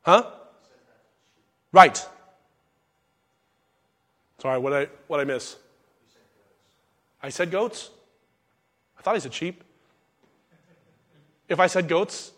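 A man's voice: high voice, expressive, slow pace, pauses often, fairly bright tone. A man preaching a sermon, reading scripture aloud and stopping to correct himself and explain the words. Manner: reads scripture aloud in King James wording, with asides and self-corrections. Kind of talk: sermon, Bible study.

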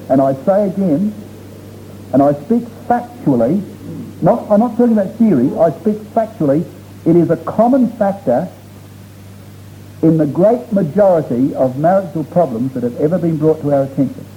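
Man, preacher, earnest sermon, stretched-out emphasis, dull old recording. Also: a little high. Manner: earnest, emphatic, slows words for stress. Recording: dull lo-fi recording with faint noise.

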